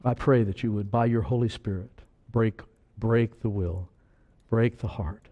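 A man preaching a sermon, earnest and slow on key words, breaking into sudden loud bursts of urgency. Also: fairly low pitch, fairly even intonation, dull audio.

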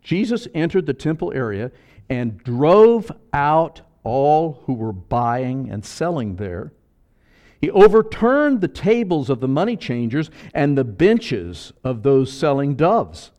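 A male pastor preaching a sermon, swinging between loud emphasis and soft asides, with joking comments along the way. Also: medium pitch, big pitch swings, takes it slowly.

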